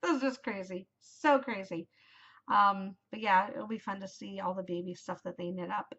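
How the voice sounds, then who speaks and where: A woman's voice: mid-range voice, steady tone, normal speed, fairly bright tone, dull audio. A woman in her forties hosting a knitting podcast, chatting casually and gushing, rambling with lots of fillers. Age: 40s. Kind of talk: casual chat.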